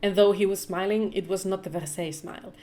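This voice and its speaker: A woman reading a novel aloud live, with measured storytelling narration. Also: mid-range voice, steady tone, mellow. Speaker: reader.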